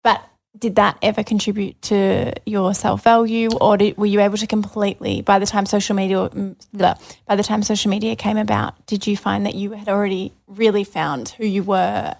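Woman host with a gravelly voice. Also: mid-range voice, fairly even intonation, moderate pace, hardly any pauses, darkish tone. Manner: long, winding questions with restarts. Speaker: podcast host. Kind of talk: interview questions.

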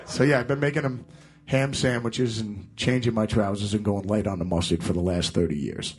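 A man's voice: fairly low pitch, a little fast, darkish tone. A man being interviewed as a guitarist, telling rambling anecdotes and laughing through them. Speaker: guitarist guest. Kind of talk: casual storytelling interview.

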